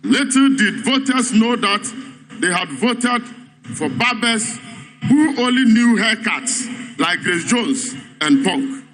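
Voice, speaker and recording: A man's voice: high-pitched, animated, slow pace, a bit bright, poor audio. A man with a Ghanaian accent giving a mocking political rally speech to a party congress, hammering his points through repetition.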